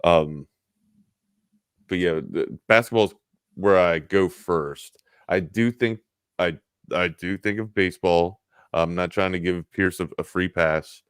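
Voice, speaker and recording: A man's voice: low-pitched, slow, long pauses, a bit bright, clear, resonant tone, dry recording, studio quality. A man co-hosting a sports talk stream in casual chat, thinking aloud with lots of restarts.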